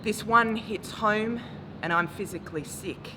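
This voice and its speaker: A woman in her forties performing a spoken word poem with a measured, grave delivery that rises to impassioned calls. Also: mid-range voice. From Australia. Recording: noisy recording with traffic ambience.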